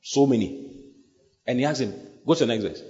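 A man preaching a sermon in an animated, repetitive way, often asking his listeners questions. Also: medium pitch, a little fast, in a large hall, highs cut off.

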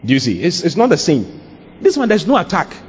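A man preaching an animated sermon, laughing, mimicking voices and breaking into shouts. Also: a little high, brisk, slight background noise. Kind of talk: lively sermon. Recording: dull lo-fi recording.

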